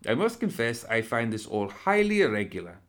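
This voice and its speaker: A man voicing a genteel, pompous male professor who teaches undeath and operates as a surgeon, speaking in a courtly, excitable manner. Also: medium pitch, fairly quick. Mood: silkily courteous. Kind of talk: audiobook character reading.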